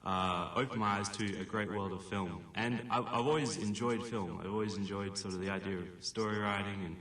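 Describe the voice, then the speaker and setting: A man's voice: lowish voice, steady tone, fairly quick, a bit bright, reverberant, distant mic. An Australian man from Perth, a filmmaker guest on a radio interview, talking earnestly with many fillers and restarts. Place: radio studio.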